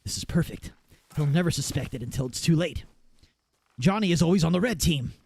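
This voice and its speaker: A man voicing a scheming male gamer plotting like a villain, in a low muttering voice. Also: animated, fairly quick, gravelly, a little mellow, breathy edge, no echo, exaggerated voice.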